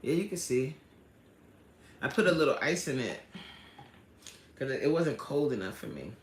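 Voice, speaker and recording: Her voice rumbles low and is very animated as she hosts a casual livestream at a normal speed, laughing plenty while reading viewers' comments and chatting. The audio is reverberant with slight background noise.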